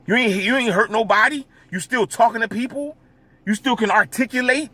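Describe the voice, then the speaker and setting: A man's voice: very high-pitched, brisk, pushed and bright. A man vlogging in a casual, rambling monologue, with stammering repeats and constant filler asides.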